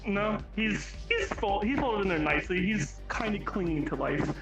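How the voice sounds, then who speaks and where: A man voicing a secretive corporate android through a robot voice filter, speaking calmly and in a businesslike way. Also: high-pitched, normal speed, loud music behind the voice, voice pushed up, rough recording.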